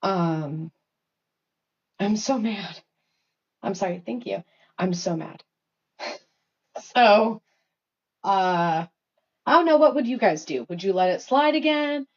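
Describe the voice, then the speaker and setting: A woman's voice: medium pitch, expressive, takes it slowly, long pauses. A woman, a mother, venting on a casual livestream, heated and swearing, rambling with lots of fillers. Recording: dull lo-fi phone audio.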